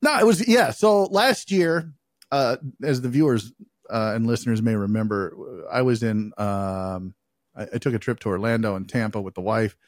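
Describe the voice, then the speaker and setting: A man's voice: fairly low pitch, moderate pace, dry recording. Rambling, profane podcast man, dry mic. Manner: loose, profane, rambling storytelling with fillers. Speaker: podcast co-host. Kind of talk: casual chat.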